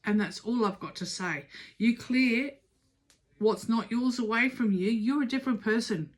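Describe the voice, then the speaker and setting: A middle-aged woman with a fairly high voice gives a casual tarot reading at normal speed. She's emphatic and urging, repeating words to stress them.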